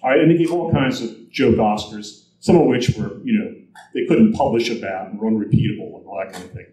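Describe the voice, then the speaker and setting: A man's voice: fairly low pitch, fairly quick, slight background noise. A man giving an anecdotal presentation at a convention, acting out the quotes in his stories. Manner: animated storyteller, acts out quotes. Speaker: guest speaker. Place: convention hall. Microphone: handheld recorder in audience. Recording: roomy hall audience recording.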